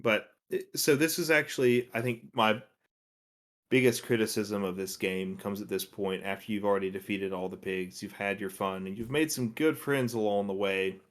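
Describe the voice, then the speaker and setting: Low-ish voiced guy on a games podcast, laid back, lots of uhs. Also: normal speed. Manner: relaxed, thoughtful, lots of uh and fillers. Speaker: podcast co-host. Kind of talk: casual gaming chat.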